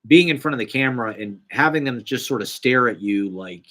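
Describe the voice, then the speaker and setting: A man's voice: medium pitch, expressive, fairly quick, fairly bright tone. A young man telling a casual, rambling, profane, self-deprecating story about a small acting job. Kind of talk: casual monologue.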